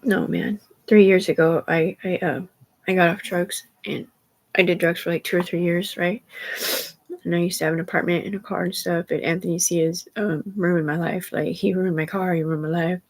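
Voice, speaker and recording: Husky rambling woman livestreamer. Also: lowish voice, steady tone, moderate pace. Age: adult. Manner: rambling, jumps between topics, talks to chat. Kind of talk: rambling live-stream monologue.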